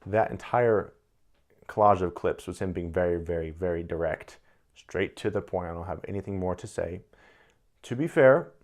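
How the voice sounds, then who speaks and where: A man's voice: deep voice, normal speed, a little mellow. A man giving casual, thoughtful commentary on personality types, often repeating words as he searches for the right phrasing.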